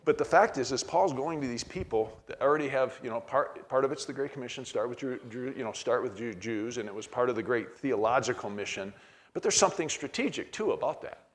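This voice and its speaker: A man's voice: mid-range voice, animated, a little fast. Man, middle-aged, bible class teacher, conversational, reads verses, restarts often. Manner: conversational, many restarts, walks through verses aloud.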